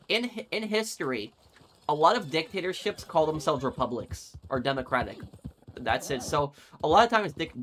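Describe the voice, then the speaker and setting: A man's voice: mid-range voice, fairly bright tone, slight background noise. A young man streaming a game, casually chatting as he reads viewer comments, rambling and digressing as he goes. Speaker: gaming streamer. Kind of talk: casual chat reading live comments while gaming.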